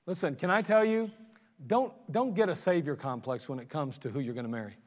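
A man with a high voice preaches in an animated, chatty way, mocking himself now and then. His pastor's sermon carries a long hall reverb, as if recorded in a church sanctuary. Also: a little fast. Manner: animated, conversational preaching with self-mocking asides.

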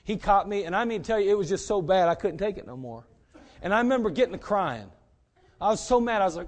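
High-voiced folksy preacher man. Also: lively intonation, fast. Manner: folksy, joking asides, repeated rhetorical questions. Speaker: pastor. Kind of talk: sermon.

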